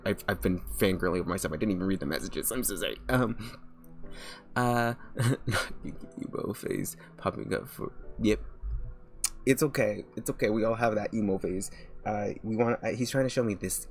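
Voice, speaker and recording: A man with a fairly low voice chats on a casual live stream, gushing and rambling, often stopping to apologize. Faint music plays softly behind him. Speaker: VTuber streamer. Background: faint background music.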